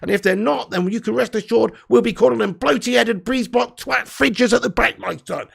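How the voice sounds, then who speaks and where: A man's voice: extremely high pitch, brisk, vocal fry, hardly any pauses, breathy edge. A young man hosting a live fan stream, reading chat comments and ranting bluntly with plenty of swearing. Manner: blunt, sweary, excitable banter. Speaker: livestream host.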